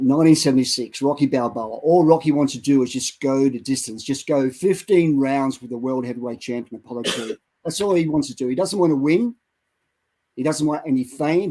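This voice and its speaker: A middle-aged man co-hosting a Christian show, preaching with dramatic retellings that build to loud exhortations. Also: mid-range voice, rough recording. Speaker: co-host of a Christian online show. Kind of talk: impassioned preaching and storytelling.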